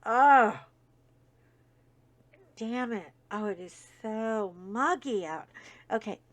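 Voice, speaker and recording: A middle-aged woman with a sniffly, stuffed-up voice, telling a story at an unhurried pace. She rambles through it with lots of fillers and side remarks. Her voice is close and dry, with no room sound. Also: on the high side, fairly bright tone, no echo. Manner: rambling, full of fillers and asides. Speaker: host. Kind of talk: casual storytelling chat.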